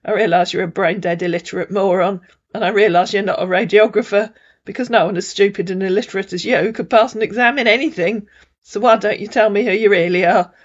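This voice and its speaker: Husky-voiced woman narrating with scorn. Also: mid-range voice, steady tone, a little fast, dull audio. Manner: scornful, cutting delivery. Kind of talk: storytelling narration with acted dialogue.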